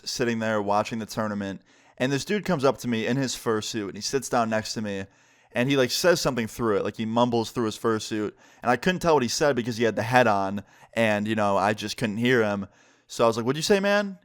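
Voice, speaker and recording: A young man telling a casual story time on his vlog, with animated, emphatic delivery and lots of fillers. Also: on the low side, clear, resonant tone. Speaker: YouTuber.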